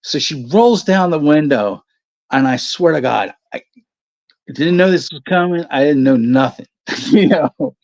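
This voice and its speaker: Man, gravelly and low-fi, loose rambling storyteller who swears a lot, casual stream chat. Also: animated, measured pace, a little mellow. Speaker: channel host. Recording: dull lo-fi stream audio.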